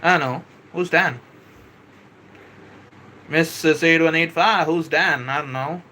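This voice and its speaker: A man hosting a live stream, chatting with viewers, reading their comments aloud and explaining a software model, often saying "bro" and "kindly" and correcting himself as he goes. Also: on the high side, slow, a little hiss or hum. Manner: self-correcting, hesitant restarts. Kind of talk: casual live-stream teaching.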